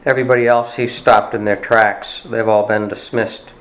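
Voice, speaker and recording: A man's voice: on the low side, little pitch movement. Man preaching in an echoey room. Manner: conversational storytelling, pausing with fillers. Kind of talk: sermon. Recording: roomy echo.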